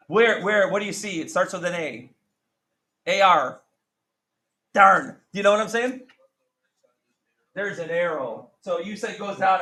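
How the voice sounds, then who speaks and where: A middle-aged man teaching a high school math class, casual and self-correcting, often asking the class questions. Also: fairly bright tone. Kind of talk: classroom lecture.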